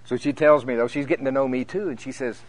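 Fast and mid-range, a middle-aged man's voice carries a sermon to a congregation. He tells animated stories, impersonating the voices of the people in them, and laughs often.

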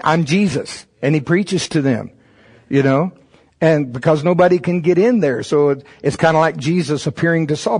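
Husky-voiced man preaching a sermon. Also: fairly high pitch, darkish tone. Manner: reads a text aloud and stops to comment; emphatic, rising on key words.

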